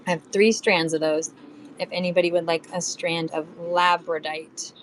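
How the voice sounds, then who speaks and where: A woman's voice: fairly low pitch, level tone, normal speed, slight background noise, rough recording. Chatty woman selling beads live. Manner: chatty, counts beads aloud, hums while working. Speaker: live shopping seller.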